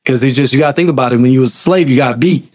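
A man co-hosting a casual group discussion, talking in an animated, emphatic, colloquial way. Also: medium pitch, racing. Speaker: podcast co-host.

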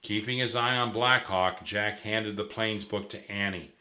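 Low, forceful male voice reading a children's chapter book aloud, expressive delivery with slight stumbles. The tone stays bright and firm. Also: measured pace. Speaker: narrator. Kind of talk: children's storybook read aloud.

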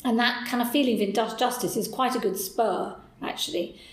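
A woman guest telling stories from her career in a lively, animated way. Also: on the high side, normal speed, echoey room, poor audio. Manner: lively, animated storyteller, voices people in quotes. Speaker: podcast guest. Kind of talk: candid interview storytelling.

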